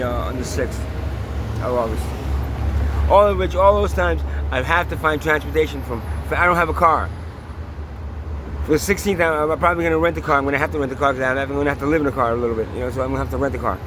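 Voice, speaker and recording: A man vlogging about his own troubles, swinging from halting talk into an angry, profane rant full of rhetorical questions. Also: a little high, noisy background. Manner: halting with many restarts when calm. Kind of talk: personal video diary and rant.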